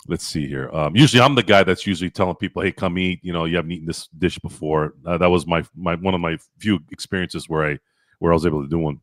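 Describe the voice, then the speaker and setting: A man hosting a podcast, telling stories in casual chat, animated and profane, acting out his own past lines. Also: low-pitched, brisk, no room sound, studio quality. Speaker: podcast host.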